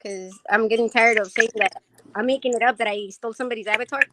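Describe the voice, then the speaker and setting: A woman calling into a live panel chat, talking in a rapid-fire rush and stumbling over her words. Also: on the high side, fairly even intonation, noisy background. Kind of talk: casual chat.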